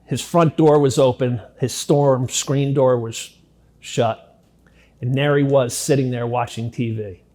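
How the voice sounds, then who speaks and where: Middle-aged man, interview subject. Blunt, profane first-person storytelling at an average pitch, swinging between hushed and heated. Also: fairly even intonation, unhurried. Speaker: interviewee recounting his past.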